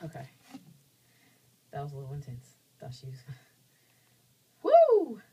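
A young woman vlogging casually at home, exclaiming in disgust and then talking softly to her pet lizard. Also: a bass voice, flat delivery, a little fast, slightly rough.

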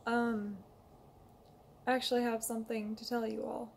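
High-voiced young woman, emotional and halting, reading a heartfelt letter aloud to her loved ones. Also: flat delivery, creaky, slight background noise. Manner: emotional, hesitant, pleading, reads a letter aloud. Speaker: vlogger. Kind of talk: emotional personal confession.

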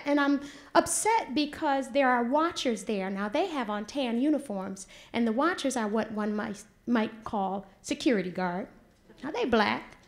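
A woman, telling a personal story on stage in an animated, vernacular way. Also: on the high side. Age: 40s. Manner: animated, vernacular, acts out quotes loudly. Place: stage before an audience.

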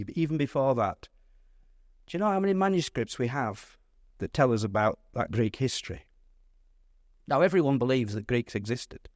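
A man's voice: mid-range voice, dry recording. Guy pastor teaching bible study, chatty, asks the room stuff, dry sound. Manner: lively, conversational teaching with rhetorical questions to the audience.

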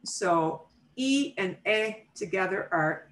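A woman teaching a Spanish class over a video call, who models pronunciation by repeating words slowly and checks in often with her students. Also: on the low side, lively intonation, fairly bright tone, low-quality recording. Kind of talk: online class instruction.

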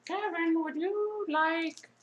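Man putting on a squeaky fussy old-timer. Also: steady tone, slow. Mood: teasing. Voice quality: very high squeaky falsetto.

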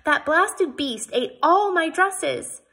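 A woman voicing a prim, indignant young lady from a storybook, shrill and high. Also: big pitch swings, normal speed, pushed and bright, heavily acted.

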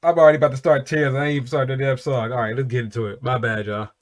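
A man hosting a casual music reaction video, swearing freely and breaking into loud, high-pitched laughing excitement. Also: rapid-fire. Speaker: reaction channel host.

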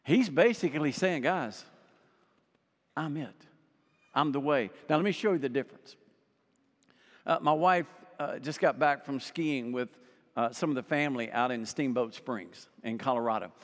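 A man in his sixties preaching a sermon as a pastor, conversational and earnest, swelling to emphatic peaks and dropping to soft asides. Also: mid-range voice, moderate pace. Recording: long hall reverb.

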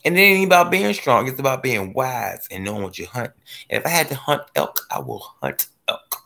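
A man hosting a gardening live stream, chatting casually as he reads viewer comments, joking and laughing, his voice swooping from low mutters up to high squeals. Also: lively intonation, quick pace, vocal fry, bright, forceful tone. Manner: playful, laughs often. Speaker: gardening livestream host.

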